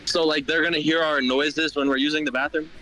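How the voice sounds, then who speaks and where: A man's voice: a little high, level tone, a little fast, sharp tone, a little hiss or hum, poor audio. A man taking part in a stream challenge, talking in a rambling, hesitant way with restarts and casual swearing. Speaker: stream contestant.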